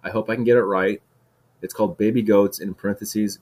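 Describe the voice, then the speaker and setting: Laid-back guy rambling on his podcast, lowish voice, lots of likes and dudes. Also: steady tone, fairly quick, darkish tone. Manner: rambling, heavy use of "like" and "dude"; restarts and repeats words. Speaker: podcast host. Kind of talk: casual solo monologue.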